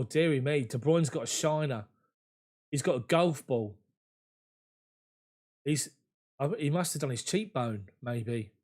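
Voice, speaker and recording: A man's voice: medium pitch, darkish tone. A man giving live, emotional, conversational play-by-play of a football match from a fan's point of view, at home. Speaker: fan commentator.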